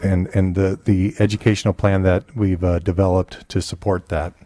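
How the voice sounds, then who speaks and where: A man presenting a school district report at a board meeting, halting often with restarts and fillers. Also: deep voice, level tone, warm tone, dry recording.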